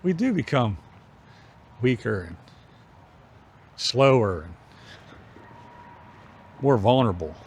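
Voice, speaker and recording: A middle-aged man vlogging on an evening walk outdoors, musing in an unhurried way with pauses between phrases. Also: mid-range voice, very animated, slight background noise. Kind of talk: reflective walking vlog chat.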